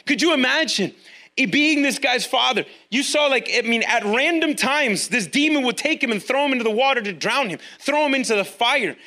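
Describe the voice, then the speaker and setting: A man preaching a sermon, animated, acting out quoted voices and asking the audience questions. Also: extremely high pitch, fairly quick. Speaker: pastor. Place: church room with online viewers.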